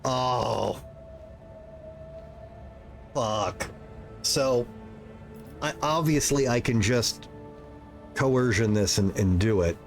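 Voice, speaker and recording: A man's voice: mid-range voice, faint music behind. A man streaming a role-playing game live, reacting casually and swearing freely. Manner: casual, profane, quick reactions.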